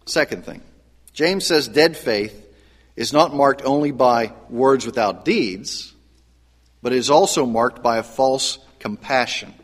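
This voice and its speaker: Taking it slowly in a medium-pitched voice, a pastor delivers his sermon in an earnest, conversational manner, frequently starting phrases over. Long hall reverb colors the recording.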